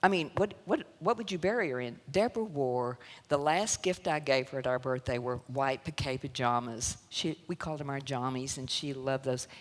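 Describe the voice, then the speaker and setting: A woman's voice: very deep voice, normal speed, hardly any pauses. A woman with a Southern US accent giving an emotional personal testimony to a church audience, telling her story with laughter and sorrow. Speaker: guest speaker. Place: church sanctuary. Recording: long church hall reverb.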